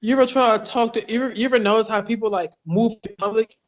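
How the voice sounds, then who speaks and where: A man with a notably high-pitched voice speaks as a fighter guest on a podcast. He rambles, swears freely and restarts his sentences often, full of fillers. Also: fairly even intonation, fast talker. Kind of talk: casual podcast interview. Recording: online call with lag.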